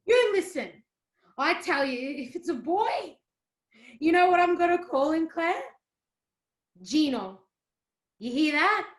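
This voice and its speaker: A woman's voice: very high-pitched, very animated, slow pace, pauses often, heavily acted. A woman reading the part of a bitter young wife, sarcastic and heated. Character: bitter pregnant Italian-Australian young wife. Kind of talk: cold-read play reading. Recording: roomy echo.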